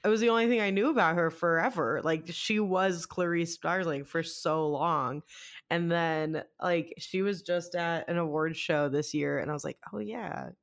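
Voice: medium pitch, steady tone, normal speed, fairly bright tone. A podcast co-host talking casually about a film, with a mid-range voice. Drops wry, joking asides into the talk.

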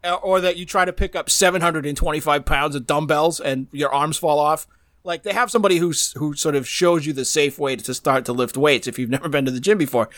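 A man's voice: a little high, fairly quick, a bit bright, dry recording, clean studio sound. A man hosting a comedy podcast, chatting casually in a jokey style with playful exaggeration. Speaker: podcast host.

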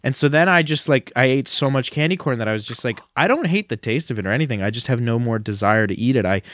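Man co-hosting a chatty podcast, jokey, fond of silly voices, middle pitch, dry close mic. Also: quick pace, a bit bright, no room sound. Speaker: podcast co-host. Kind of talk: casual chat.

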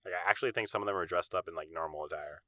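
A man's voice: low voice, very fast, bright, forceful tone, no room sound. A man co-hosting a casual chat, adding dry, sardonic quips. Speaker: podcast co-host.

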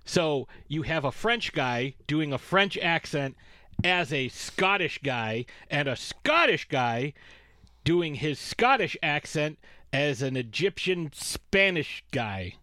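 A man's voice: a little high, expressive, slow, bright, forceful tone, no echo, studio quality. A man co-hosting a podcast in casual chat, rambling and sarcastic, swearing freely as he recaps a film series. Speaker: podcast co-host.

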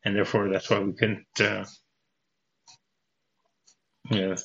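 A man hosting a casual film podcast, talking in halting bursts and often repeating his words. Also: lowish voice, level tone, creaky, a bit bright. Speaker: podcast host. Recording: dull lo-fi podcast audio.

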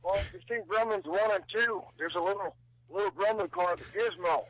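A man's voice: high voice, a little fast, rough recording. A man doing an impression of a tough-guy wrestling star, calling in by phone with a brash, teasing drawl. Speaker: caller. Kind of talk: prank phone call impression.

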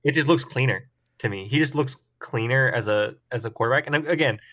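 A man's voice: medium pitch, fairly quick, fairly bright tone. A man hosting a casual sports podcast, chatting in a laid-back way and hedging his opinions with lots of "like". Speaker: podcast host.

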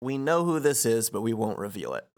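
A man's voice: mid-range voice, wildly swooping pitch, brisk. A man co-hosting a podcast, recapping game scenes in dry, matter-of-fact casual chat and reading lines in his own plain voice. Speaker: podcast co-host.

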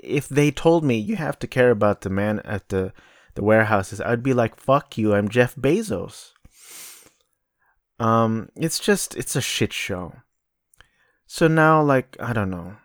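A man hosts his own podcast alone, rambling casually in a profane, sardonic monologue. His voice is lowish, and the studio-quality recording has no room sound.

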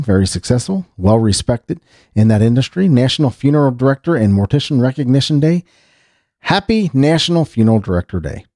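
A man's voice: mid-range voice, warm tone, dry recording, clean studio sound. A middle-aged American man hosting a casual podcast chat, rambling and restarting his sentences with the odd chuckle. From United States. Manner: rambling, self-interrupting, chuckling. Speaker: podcast host.

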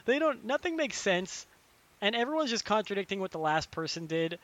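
A young man in casual podcast chat, ranting animatedly and swearing, acting out characters in quick impressions. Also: high voice, sing-song, fairly bright tone.

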